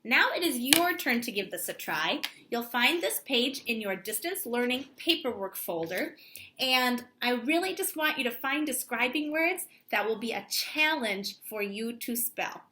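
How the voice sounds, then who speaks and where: Woman teacher, bright voice, unhurried, sounding words out for kids. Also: on the high side, lively intonation. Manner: slow, clearly stretched-out word sounding. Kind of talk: children's distance-learning lesson.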